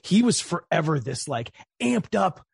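Chatty husky male podcast host. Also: on the high side, unhurried, no echo, studio quality. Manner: animated, chatty storyteller. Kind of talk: casual interview chat.

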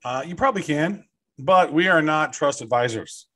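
Higher-voiced wisecracking podcast co-host man. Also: normal speed. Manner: deadpan, wisecracking. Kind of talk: casual podcast chat.

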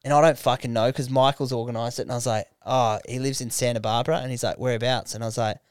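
Young man, Australian accent, smooth clear voice, dry close sound, casual podcast storytelling, swears a lot. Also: mid-range voice, fast talker, no room sound. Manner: swearing, animated retelling with quoted dialogue. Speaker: podcast co-host.

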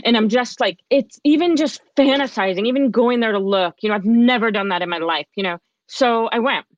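A woman who works as a life coach, telling her story as a guest in an interview, lively and animated, acting out what people said. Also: on the high side, a little fast, dry recording, lo-fi sound.

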